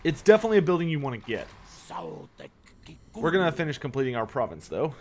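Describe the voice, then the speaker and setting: Fast and fairly high, with big swings in pitch and a darkish tone, this man streams a strategy game live. He's tired and yawning, chatty with his audience, answers their questions, and swears when things annoy him.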